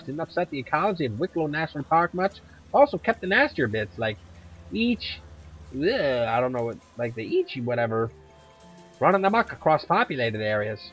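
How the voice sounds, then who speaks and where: A man voicing a tough middle-aged Irish woman who hunts monsters, with a put-on Irish accent that drifts toward Scottish and a blunt, gruff, chatty way of talking. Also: fairly high pitch, fairly bright tone, full character voice, poor audio.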